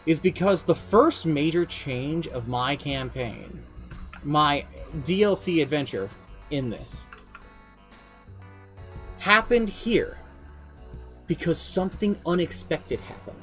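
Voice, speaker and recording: A man streaming live as game master, telling the story of his campaign in a casual, animated way with some swearing. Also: on the high side, slow pace, long pauses, soft background music. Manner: animated, swearing, shifts pace often. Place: home streaming setup.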